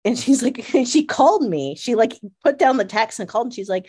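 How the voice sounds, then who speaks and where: A woman in casual fan chat, an animated storyteller who laughs often and fills her talk with "like.". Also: a little high, a little fast, hardly any pauses, husky. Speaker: podcast co-host.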